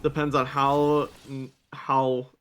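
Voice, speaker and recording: A man's voice: medium pitch, completely flat delivery, slow pace, a bit bright. A man casting a live esports card game match, calling plays and hyping up the next game in a chatty way. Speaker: esports caster. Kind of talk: live play-by-play commentary.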